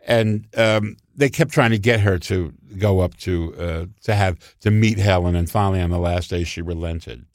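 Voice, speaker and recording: An older man, a comedy writer, telling show-business anecdotes in casual conversation and jumping into high voices when he quotes people. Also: normal speed, hardly any pauses, no room sound, clean studio sound.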